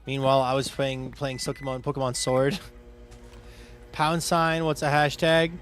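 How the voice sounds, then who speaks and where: A man streaming a game, chatting casually and answering his viewers' chat with quick asides. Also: mid-range voice, level tone, a bit bright, slight background noise. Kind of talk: casual live-stream chat while gaming.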